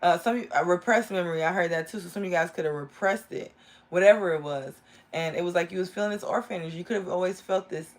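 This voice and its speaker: A woman's voice: on the low side, quick pace. Enthusiastic woman giving a live tarot reading. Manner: rambling, enthusiastic, talks straight to viewers. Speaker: tarot reader.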